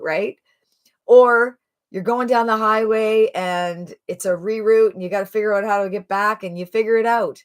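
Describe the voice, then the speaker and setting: A woman in her sixties giving a casual, rambling sales pitch to camera, chatty and full of restarts. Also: steady tone, normal speed. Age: 60s. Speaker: online marketing promoter.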